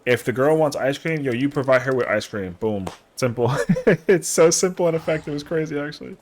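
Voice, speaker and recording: A man's voice: medium pitch, a little fast, darkish tone. A young man streaming an online game, chatting casually and making playful, boastful jokes full of slang. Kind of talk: casual chat while gaming.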